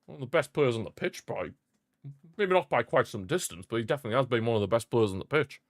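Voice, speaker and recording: A man giving casual live commentary on a football match as he watches along, chatty and prone to repeating himself with sudden excited bursts. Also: medium pitch, fast talker, no echo, studio quality.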